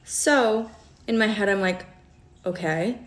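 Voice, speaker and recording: A woman's voice: medium pitch, slow. A young woman telling a personal story in casual storytime style, emphatic and often checking in with "okay?". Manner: emphatic, peppers talk with "okay?" and "like". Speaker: storyteller in a video clip.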